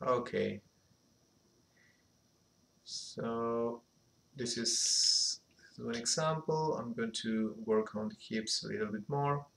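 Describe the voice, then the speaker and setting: A man giving an unhurried animation software tutorial, thinking aloud as he works, with a slight phrasing. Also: medium pitch, creaky. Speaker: animation instructor. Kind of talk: screen-recorded software tutorial.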